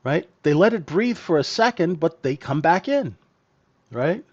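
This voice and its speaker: A man's voice: a little high, sing-song, a little slow, darkish tone. A man teaching live in a trading room, blunt and emphatic, tagging sentences with "right?". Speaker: trading mentor. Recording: dull lo-fi stream audio.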